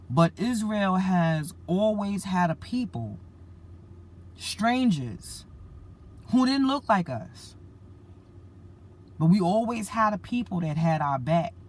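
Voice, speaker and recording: A woman preacher earnestly retelling a dream to her listeners, repeating herself and calling them family. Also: on the low side. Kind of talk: spoken religious message.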